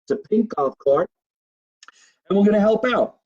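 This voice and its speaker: A middle-aged male comedian speaking in a somewhat high voice, broadcasting live from his home basement. He rambles casually, swears freely, and keeps plugging his channels between stories. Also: animated, normal speed, a little mellow, lo-fi sound. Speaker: comedian hosting his own live show. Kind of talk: casual live-stream monologue.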